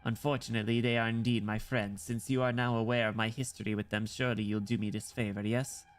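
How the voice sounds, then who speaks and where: A man's voice: lowish voice, quick pace, smooth, lightly acted. A man reading aloud as a tall, poised female imperial guard, speaking politely and formally with an attempted Russian accent. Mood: courteous. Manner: polite, formal, calmly persuasive. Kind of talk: reading game dialogue aloud.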